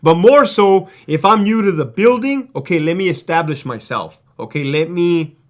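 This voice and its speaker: A man's voice: high-pitched, animated, normal speed. A man who used to be a prison guard tells stories in a casual, profane, streetwise way, rambling and restarting his sentences. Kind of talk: casual storytelling.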